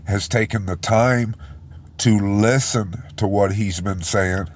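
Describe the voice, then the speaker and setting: A man giving an informal sermon, choked up and halting, often restarting his words. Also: fairly low pitch, steady tone. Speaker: preacher.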